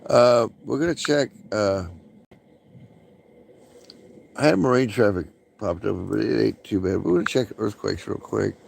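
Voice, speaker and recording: A man's voice: on the low side, normal speed, gravelly. A man rambling profanely during a late-night livestream, with many fillers, smoking and coughing.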